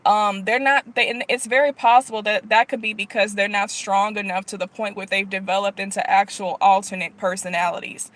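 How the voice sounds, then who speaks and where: A woman vlogging as a Christian prophetess, teaching in a relaxed, conversational way with frequent sighs and fillers. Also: mid-range voice, brisk, few pauses. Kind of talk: casual spontaneous vlog teaching.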